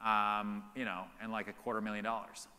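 Male guest speaker, animated and rambling, very bright timbre, live event hall reverb. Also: fairly low pitch, brisk. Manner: animated, rambling, heavy use of "like". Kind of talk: live Q&A storytelling. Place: large event hall on stage.

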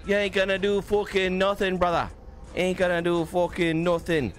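A man putting on a trash-talking male fighter, drawn-out and swearing. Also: high voice, fairly even intonation, soft background music, voice pushed up, lightly acted. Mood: taunting. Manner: aggressive, swearing, drawn-out threats.

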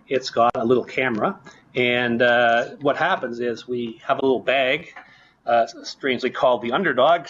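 A man explaining his research in a lab during an interview, relaxed, with lots of fillers. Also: mid-range voice, husky, dull audio.

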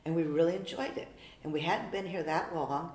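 A woman's voice: sits low, fairly even intonation, brisk, a little mellow. Older woman, chatty, heartfelt storytelling, echoey church. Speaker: parishioner. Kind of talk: personal storytelling interview. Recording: roomy church echo.

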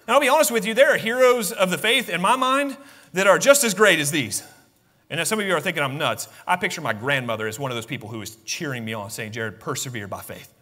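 A man's voice: high-pitched, expressive, quick pace, sharp tone. A man preaching a sermon with passion, acting out the voices of biblical figures as he goes. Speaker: pastor. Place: church sanctuary. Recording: long church reverb.

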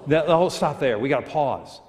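Male pastor, fairly high voice, folksy storytelling sermon, long church reverb. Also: lively intonation, moderate pace, darkish tone. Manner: leads congregation in reading aloud. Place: church sanctuary. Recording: echoey church hall.

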